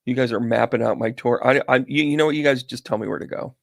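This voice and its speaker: Gravelly, chatty man host. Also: medium pitch, fast, no room sound. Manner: chatty and animated, chuckles as he goes. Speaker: host and medium. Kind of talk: casual livestream chat.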